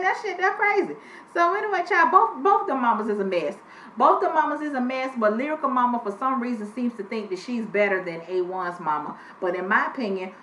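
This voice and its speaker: A woman giving a blunt, profane, animated casual review of a reality TV episode. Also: medium pitch, a little hiss or hum. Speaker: TV show reviewer. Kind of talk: casual chat. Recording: echoey room with faint ambience.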